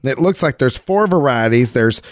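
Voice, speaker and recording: A man's voice: medium pitch, expressive, normal speed, no echo. A man co-hosting a podcast, chatting wryly and teasing his friend as they taste candy. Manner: wry, playful, teasing. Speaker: podcast co-host. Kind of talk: casual chat while taste-testing candy. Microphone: studio microphone.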